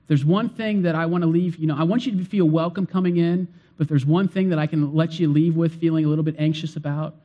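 Guy preaching a sermon, kinda high voice, keeps repeating himself for emphasis. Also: mellow, lo-fi sound. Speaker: pastor.

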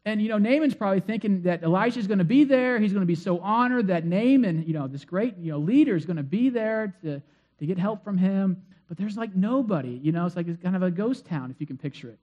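Male pastor, high voice, chatty sermon storytelling. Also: lively intonation, fast talker, darkish tone, highs cut off. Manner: conversational storytelling with many fillers.

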